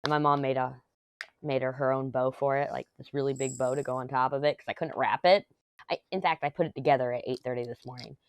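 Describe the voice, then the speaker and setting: A woman's voice: very deep voice, steady tone, fast talker, clear, resonant tone, dry recording. A middle-aged woman, chatting and telling rambling family stories while she works on a craft at home. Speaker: craft vlogger. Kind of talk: casual chat while crafting.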